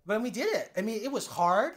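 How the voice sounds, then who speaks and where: Talking fairly quickly, a man tells candid personal stories as a podcast interview guest. He curses freely, voices other people's lines, and moves between loud, lively bursts and hushed, low moments.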